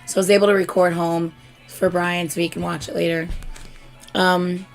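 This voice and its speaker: A young woman hosting a casual live stream, telling a story excitedly and swearing freely. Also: on the low side, normal speed, vocal fry, soft background music. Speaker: host.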